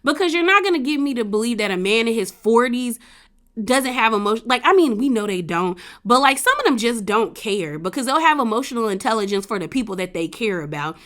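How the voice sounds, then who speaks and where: A woman vlogger giving a casual, chatty recap of a reality TV episode, speaking in slangy, animated storytelling. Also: on the high side, brisk.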